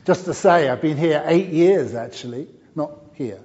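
A middle-aged man preaching a sermon in a church, telling stories and often pausing with fillers and restarts. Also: a little high. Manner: warm storytelling with frequent fillers and restarts. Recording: dull sound with long hall reverb.

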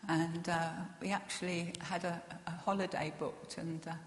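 A woman gives a gentle, earnest personal testimony, pausing often with fillers and soft laughs. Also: lowish voice, flat delivery, a little hiss or hum. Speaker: speaker sharing a personal testimony. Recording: echoey hall with long reverb.

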